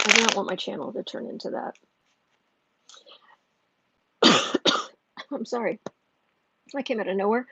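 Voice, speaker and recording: A woman's voice: mid-range voice, unhurried, long pauses, bright, forceful tone, slight background noise, low-quality recording. A woman hosting a livestream tarot reading, heated and ranting, often restarting her sentences. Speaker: tarot reader and channel host.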